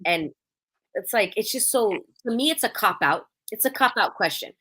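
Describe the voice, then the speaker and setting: A woman hosting a casual live podcast, talking at an ordinary middle pitch. She is blunt and animated, hammering her points home and acting out quick little exchanges with other people. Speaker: podcast host.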